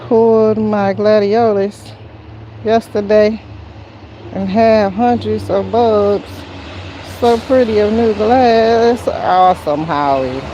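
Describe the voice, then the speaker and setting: Woman host on a garden livestream, slow, mellow, faint traffic behind. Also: mid-range voice, lo-fi sound. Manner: chatty, greets viewers by name, says y'all. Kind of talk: casual live-stream chat while potting. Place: outdoor garden near a road.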